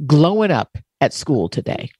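Woman co-host, lowish voice, dry close mic, heartfelt storyteller who drops to soft quoted voices. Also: sing-song, measured pace, husky, no echo. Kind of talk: emotional personal story, casual chat.

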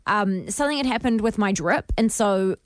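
A young woman, co-hosting a radio show and telling a story in a lively, animated way. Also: medium pitch, normal speed, no room sound, clean studio sound. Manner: animated storytelling, acts out her own screams. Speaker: radio co-host. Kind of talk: casual radio chat.

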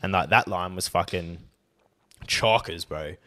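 A man's voice: sits low, a little slow, bright, forceful tone. A man co-hosting a podcast, rambling in casual chat, swearing and tacking "bro" onto his sentences. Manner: rambling, says "bro" a lot, profane. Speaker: podcast co-host.

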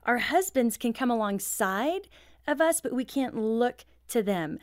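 A woman's voice: fairly high pitch, animated, a little slow, dry recording, clean studio sound. A middle-aged woman, a guest author, talking earnestly about faith and marriage, with frequent "you know" fillers. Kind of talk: earnest faith-based interview talk.

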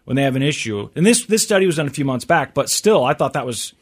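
A man's voice: mid-range voice, sing-song, fast, slightly rough. A man hosting a talk show, reading survey numbers and riffing on them in a chatty, wry way. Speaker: radio show host. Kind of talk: casual talk show banter.

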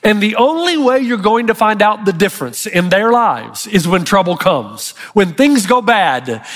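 A male pastor delivering a sermon in an animated, emphatic storytelling manner. His voice sits high for a man. The recording carries a long, ringing hall reverb.

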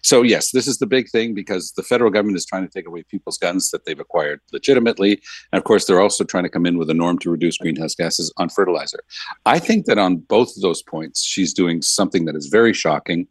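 A man from Quebec giving measured, emphatic political commentary on a radio panel. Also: sits low, husky, dry recording.

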